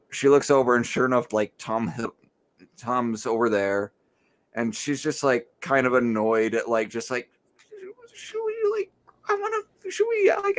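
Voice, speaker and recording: A man from the United States co-hosting a podcast, telling a loose anecdote full of filler "like"s. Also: medium pitch. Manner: loose storytelling, heavy use of filler "like". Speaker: podcast co-host. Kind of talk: rambling anecdote and casual review chat.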